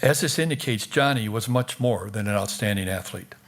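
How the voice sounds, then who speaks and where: A man's voice: on the low side, a little fast, a bit bright. Man reading a formal public comment. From Wisconsin, USA. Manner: formal, reading a prepared statement.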